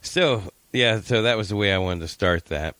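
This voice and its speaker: A man's voice: on the low side, normal speed, smooth, no room sound. A middle-aged man co-hosting a casual podcast, telling a family story and acting out the quotes. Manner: animated storyteller, acts out quotes. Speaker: podcast co-host. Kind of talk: casual chat.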